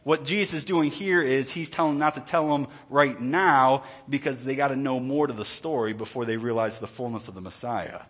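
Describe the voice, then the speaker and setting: A man's voice: mid-range voice, steady tone, brisk, hardly any pauses, fairly bright tone. A male pastor, preaching in a conversational way with joking asides and repeated words. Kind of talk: sermon.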